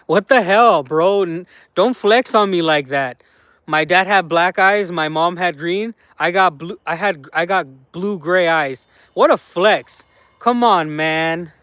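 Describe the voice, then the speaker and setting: A man hosting a casual livestream, talking in a relaxed, rambling way with many fillers. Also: high-pitched, slow, dry recording. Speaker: livestream host.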